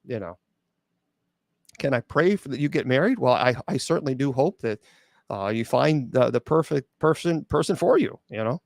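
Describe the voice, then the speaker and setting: A middle-aged exorcist bishop hosts a live radio call-in, his mid-range voice expressive and creaky at normal speed, captured dry in studio quality. He tackles chat questions with blunt sarcasm, ridiculing doubters through voice impressions amid many restarts and filler sounds.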